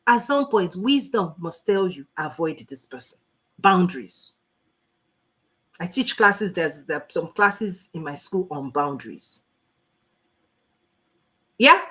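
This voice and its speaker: A Nigerian woman teaching a live online coaching class in an animated, preachy way, laughing often. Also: fairly high pitch. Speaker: life coach.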